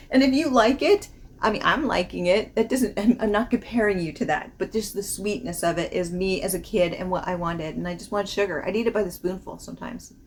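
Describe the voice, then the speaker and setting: A woman vlogging a casual fragrance review, chatty and rambling, laughing often as she describes the notes. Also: mid-range voice. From not from the American South.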